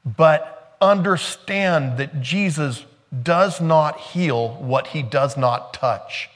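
A man preaching a sermon in a relaxed, conversational way. His voice sits at an ordinary middle pitch. He slows down to stress points and breaks off into joking asides and laughter. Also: big-room sound. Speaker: pastor.

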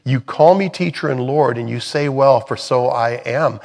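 A middle-aged man teaches a Bible study in a relaxed, conversational way, restarting phrases as he speaks. His voice sits at an ordinary pitch. It carries a long reverb, as if recorded in a large hall. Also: normal speed, creaky. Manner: earnest and conversational, with many restarts while reading. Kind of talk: Bible study teaching, reading scripture aloud.

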